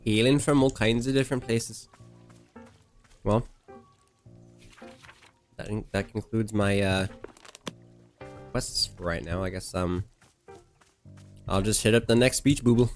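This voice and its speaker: A man's voice: on the low side, unhurried, long pauses, soft background music. A man streaming a cozy game, giving casual commentary with profane, joking, rambling asides.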